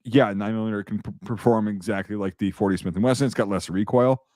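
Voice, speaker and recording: A man's voice: lowish voice, fairly even intonation, fast, a little mellow, no echo, clean studio sound. A man in casual chat as a podcast host, rambling and profane, with many restarts and fillers.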